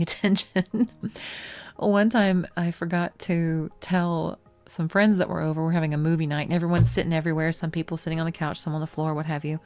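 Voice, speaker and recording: A woman telling stories about her cat in a casual vlog, animated and often laughing, with quoted lines in a much higher voice. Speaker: pyrography artist and video host.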